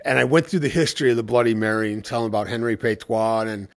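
A man's voice: mid-range voice, fast. A man speaking as a cocktail educator in a casual conversation, telling anecdotes and acting out what people said. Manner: anecdotal storytelling, acting out quoted exchanges.

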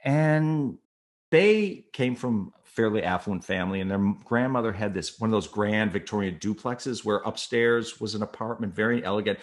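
A man's voice: on the low side, normal speed. A middle-aged man candidly telling a personal story to a listener, acting out the people in it. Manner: animated, acts out voices of people in the story; candid and self-deprecating, with laughs. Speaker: storyteller guest. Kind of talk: personal anecdote told to a listener.

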